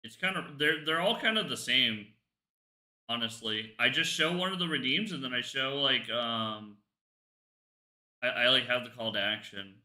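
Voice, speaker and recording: A man chats loosely while he plays a game on a livestream, rambling and cracking jokes to himself. His voice is very bright and sharp, of middling pitch. The sound carries a roomy echo. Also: moderate pace. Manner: rambling, jokey, talks to himself. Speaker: streamer. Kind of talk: casual livestream chat while gaming.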